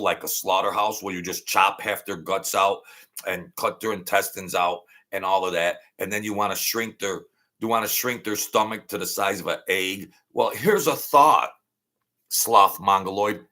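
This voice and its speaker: A middle-aged man hosting a livestream, talking bluntly and mockingly while reacting to chat, repeating himself and ranting. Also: fairly low pitch. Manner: blunt, mocking, repetitive, rants loudly then laughs. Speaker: channel host. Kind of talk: livestream commentary reading chat.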